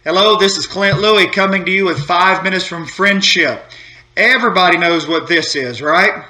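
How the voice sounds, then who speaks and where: High, bright-voiced preacher. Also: male voice, moderate pace. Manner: folksy storytelling preacher, repetitive and building. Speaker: pastor. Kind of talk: short devotional sermon. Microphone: holding a phone while speaking to camera.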